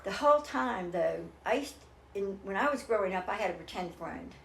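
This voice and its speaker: An older woman recounts her own story as an interview guest, in an earnest, meandering way that often restarts her sentences. Her voice sits in the middle of the usual pitch for a woman. The room around her gives the recording a noticeable echo. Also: lively intonation, a little fast, vocal fry, background noise. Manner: earnest, rambling, with many restarts. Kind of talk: personal storytelling in a casual interview. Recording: roomy echo.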